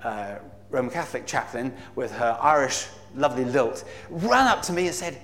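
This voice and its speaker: A man's voice: medium pitch, lively intonation, moderate pace, few pauses, a bit bright. A man giving an earnest, enthusiastic talk to a church congregation, with frequent fillers and cries of praise. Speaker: visiting Bible society speaker.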